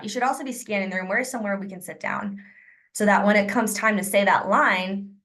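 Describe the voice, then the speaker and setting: A woman leading a sales training class over a video call, with an energetic coaching manner, acting out sample lines for her team. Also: mid-range voice.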